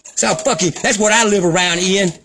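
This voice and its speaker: A man's voice: high voice, brisk, noisy background. A man delivering an angry, profane, sarcastic rant as a vlogger. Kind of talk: angry ranting commentary.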